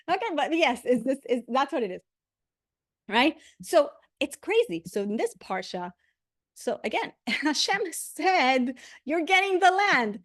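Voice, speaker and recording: High-voiced woman teaching a lively class. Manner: animated, repeats herself, asks "right?" often. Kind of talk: casual spoken class.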